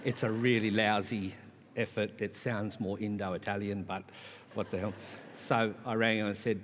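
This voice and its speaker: A man's voice: fairly low pitch, flat delivery, normal speed, slight background noise. A man, a charity leader, giving an impassioned conference speech with rhetorical repetition and wry asides. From Australia. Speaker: charity CEO, conference speaker. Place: conference hall. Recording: long hall reverb.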